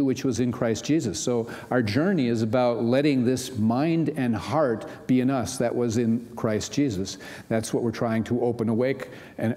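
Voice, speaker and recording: A man's voice: mid-range voice, mellow. Conversational male pastor in a reverberant hall. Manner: conversational, many "you know" asides. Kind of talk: sermon.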